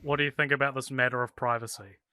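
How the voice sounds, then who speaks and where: A man hosting a casual podcast, relaxed and easygoing, chuckling often. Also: medium pitch, fast, clean tone, dry recording, studio quality. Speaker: podcast host.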